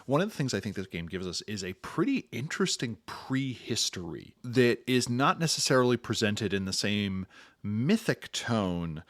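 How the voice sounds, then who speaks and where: A man co-hosting a podcast, explaining tabletop game lore in animated storytelling. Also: on the low side, normal speed, dry recording, studio quality. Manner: animated storytelling, slips into silly voices. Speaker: podcast co-host. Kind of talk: casual podcast discussion.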